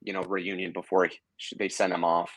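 A man's voice: deep voice, level tone, a little fast, a bit bright, slightly rough, no room sound. A man casually recapping an episode's plot on a podcast, rambling with lots of fillers and restarts. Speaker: podcast co-host. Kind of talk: casual chat, summarizing a TV episode.

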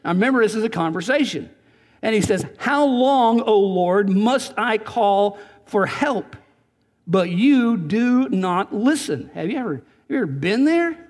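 A man's voice: high voice, animated, measured pace, a little mellow. A man preaching a sermon in a church, earnest, often repeating and restarting words as he presses his points. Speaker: pastor. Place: church sanctuary. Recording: church sanctuary with long reverb.

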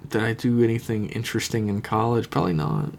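A man's voice: fairly low pitch, brisk, vocal fry, background noise. A man co-hosting a podcast, rambling and self-deprecating in casual chat. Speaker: podcast co-host.

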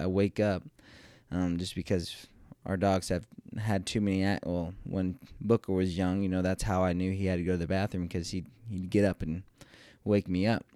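A man with a lowish, smooth voice tells a rambling personal story, self-deprecating and sprinkled with swearing. The sound is close and dry, with no room to it. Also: dark tone, no room sound.

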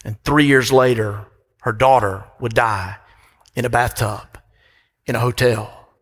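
Speaking unhurriedly at a medium pitch, a middle-aged pastor delivers a sermon from a church pulpit, his tone fairly bright and his intonation fairly even. He's emphatic, repeating phrases to give them weight. The church sanctuary adds a long hall reverb.

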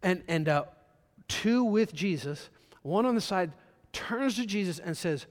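A male pastor preaches with a somewhat high voice that swells loud for emphasis and then falls back to a quiet murmur. His sermon rings out through a large hall with long reverb trailing each phrase. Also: animated, unhurried.

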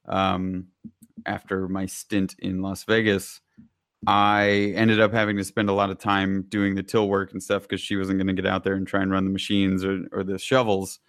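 A man from Kansas co-hosting a podcast, chatting casually in a jokey, rambling way and quick to laugh. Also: deep voice, completely flat delivery, fairly bright tone, no room sound, clean studio sound. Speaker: podcast co-host. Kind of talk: casual chat.

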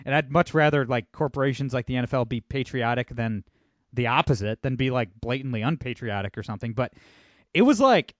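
A man's voice: mid-range voice, animated, fairly quick, no echo, highs cut off. A man hosting a podcast, talking loosely with many fillers and restarts. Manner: loose, rambling, full of fillers. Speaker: podcast host. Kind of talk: casual podcast chat and ad read.

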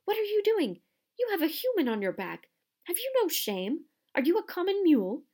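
A woman's voice: fairly high pitch, fairly quick, darkish tone. Woman voicing a thundering, scornful centaur, raised and harsh. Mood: furious scorn. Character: angry proud male centaur.

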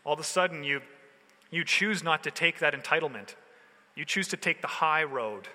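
Guy pastor preaching real casual, slangy, kinda high voice, big reverb like a big hall. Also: expressive, moderate pace, sharp tone. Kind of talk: sermon.

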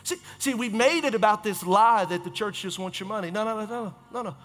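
A man delivers an impassioned sermon, repeating phrases and correcting himself quickly as he drives a point home. His voice sits high and bright. The sound comes from a reverberant church hall with faint music underneath. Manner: impassioned, repetitive preaching with quick self-corrections. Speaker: pastor.

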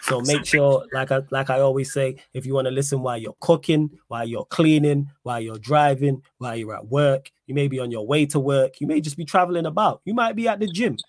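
A young man hosting a casual live-stream podcast, lively and slangy as he answers the chat. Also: mid-range voice, brisk, hardly any pauses. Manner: animated, reads chat aloud, slangy. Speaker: podcast host.

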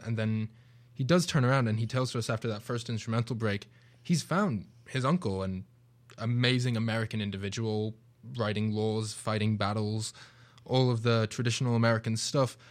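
A man's voice: lowish voice, steady tone, fairly quick. A young British man with a British accent, co-hosting a casual radio discussion, earnest and reflective. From Britain. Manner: reflective, earnest, speeds up when making a point. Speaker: radio show co-host.

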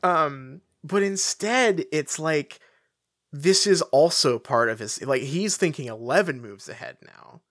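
A podcast co-host rambles through a casual conversation, stacking fillers and swearing freely. The voice is mid-pitched and sits close to a dry, deadened mic. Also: expressive, a little slow, fairly bright tone, dry recording. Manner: rambling, frequent fillers, profane. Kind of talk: casual chat.

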